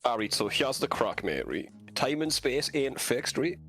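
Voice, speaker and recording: A man's voice: medium pitch, fairly quick, faint music behind, lightly acted. A man putting on a laddish English bloke who explains physics with slang and keeps asking if you follow. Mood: cheeky. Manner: tag questions, slangy and chummy.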